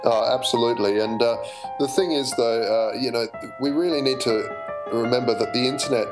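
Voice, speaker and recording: A male radio guest chatting casually, a lively storyteller who laughs often and uses many fillers. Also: medium pitch, a little fast, music in the background, low-quality recording. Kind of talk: casual chat, anecdote. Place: in Berlin.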